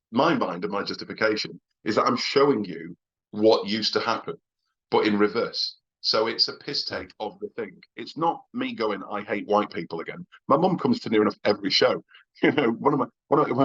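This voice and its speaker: A Northern English man with a low, husky voice spins anecdotes as a podcast guest. He swears bluntly, laughs between points and stumbles into restarts. The recording sounds dull and lo-fi. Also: fairly bright tone. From England. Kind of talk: casual interview storytelling.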